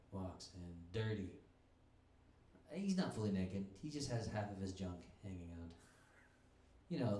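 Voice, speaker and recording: A man's voice: lowish voice, a little mellow, a little hiss or hum. Rambling male stand-up comic. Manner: rambling, halting, self-interrupting. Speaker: stand-up comedian. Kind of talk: stand-up comedy set. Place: comedy club stage. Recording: echoey club room.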